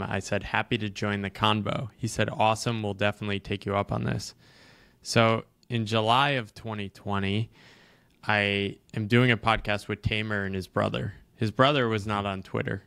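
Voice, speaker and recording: A low-voiced author talking as a podcast guest, with a gravelly edge and a very dry, close sound. He lays out ideas in long, reflective stretches. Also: fairly bright tone, no echo. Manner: reflective storyteller, explains ideas at length. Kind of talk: casual podcast chat.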